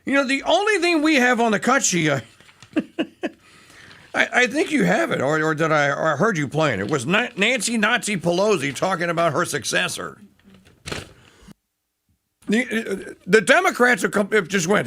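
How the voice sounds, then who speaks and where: Animated, bright-voiced male radio host. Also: sits high, normal speed, long pauses. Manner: animated and sarcastic, with frequent restarts and fillers. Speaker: radio talk show host. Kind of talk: talk radio monologue.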